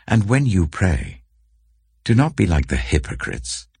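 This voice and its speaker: A man with an extremely deep, gravelly voice reads scripture slowly and solemnly. His tone is husky and breathy, and his pitch rises and falls with feeling. The sound is dry and close, with no room around it. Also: sing-song, a little mellow, no room sound. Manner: measured, grave delivery. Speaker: scripture reader. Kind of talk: slow solemn Bible reading.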